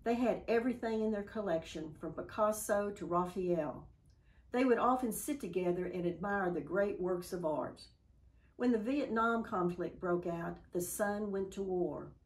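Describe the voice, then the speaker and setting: A woman giving a church devotional, reading a story aloud in a calm, measured way. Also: medium pitch, rough recording.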